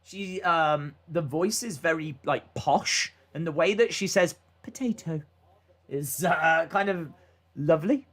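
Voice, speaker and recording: High-voiced man calling wrestling moves. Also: measured pace, fairly bright tone. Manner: casual, frequent "uh" fillers, reads chat aloud. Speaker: watch-along streamer. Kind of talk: live play-by-play wrestling commentary.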